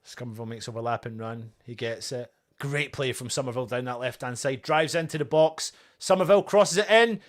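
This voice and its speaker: A young man hosting a live fan watchalong, calling the play quietly and then erupting into shouts and chants. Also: medium pitch, brisk, few pauses, slight background noise. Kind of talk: live fan match commentary.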